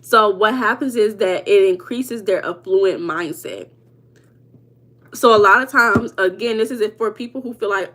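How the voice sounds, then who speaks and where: A woman hosting a casual livestream. She chats with viewers by name, laughs often and slips into a relaxed teaching talk. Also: mid-range voice, normal speed. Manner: chatty, reads out viewers' names and answers them. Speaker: livestream host. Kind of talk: informal teaching on mindset.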